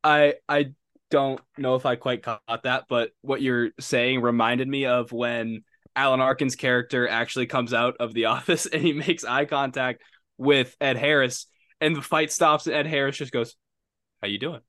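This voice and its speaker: A man's voice: medium pitch, fairly even intonation, moderate pace, pushed and bright, no echo, clean studio sound. A young man co-hosting a casual movie review podcast, laughing often and talking in easy stops and starts. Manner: laughs often, hesitant with restarts. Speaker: podcast co-host. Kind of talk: casual chat.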